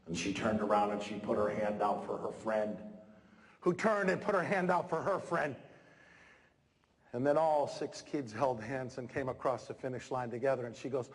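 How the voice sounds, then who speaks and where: A man giving an energetic motivational speech to students at a school assembly, swinging between shouting and soft, intimate coaching. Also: medium pitch, normal speed, breathy edge. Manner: coaching, encouraging, preachy. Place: large school hall with a live student audience. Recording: echoey hall with a cheering crowd.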